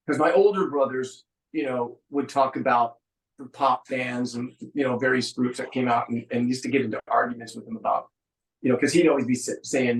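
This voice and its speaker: A man's voice: mid-range voice, creaky, echoey room, poor audio. A middle-aged man from San Francisco, a musician guest, chatting casually with a dry sense of humor and plenty of ums. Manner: relaxed storyteller, dry humor, frequent ums. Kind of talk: casual interview chat.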